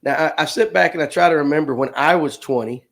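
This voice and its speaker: A man's voice: on the high side, quick pace, vocal fry, a bit bright. A man, hosting a casual live stream, joking and reading viewer comments aloud. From Georgia, US. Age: 50s. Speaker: livestream host.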